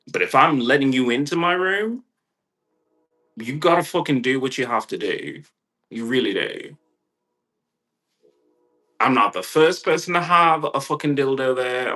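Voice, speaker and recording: A man's voice: medium pitch, bright, forceful tone. Man ranting, swearing emphatically. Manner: emphatic, repetitive, heavy swearing. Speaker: vlogger. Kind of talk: profane ranting monologue.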